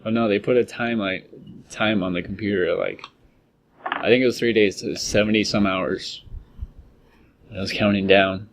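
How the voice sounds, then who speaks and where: A man's voice: fairly low pitch, fairly even intonation, normal speed, pauses often, a little hiss or hum. A young man co-hosting a podcast in casual chat, retelling a story in a rambling way full of "like" and "uh". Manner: rambling retelling, heavy use of "like" and "uh". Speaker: podcast co-host.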